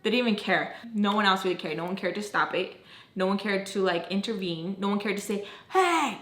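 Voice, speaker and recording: Woman vlogger, storytime chat, animated and profane, mid-range pitch, roomy sound. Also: quick pace. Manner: animated, heavy filler "like", swears; talks while doing her makeup. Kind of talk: storytime vlog.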